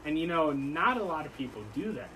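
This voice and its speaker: A man's voice: on the high side, expressive, fairly quick, sharp tone, distant mic, a little hiss or hum, rough recording. A young man in casual chat, teasing his friends and laughing a lot.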